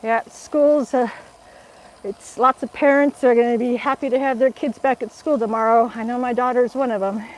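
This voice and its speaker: A woman's voice: a little high, steady tone, moderate pace, poor audio. A middle-aged woman from Alaska with an Alaskan accent, chatting casually with viewers while she exercises outdoors and laughing often. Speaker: fitness vlogger. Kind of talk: casual live-stream chat while exercising.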